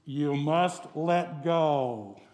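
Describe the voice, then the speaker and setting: A man voicing God as a calm, patient voice from above, speaking slowly and steadily. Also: a little high, big-room sound. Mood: firm. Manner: slow, calm, measured.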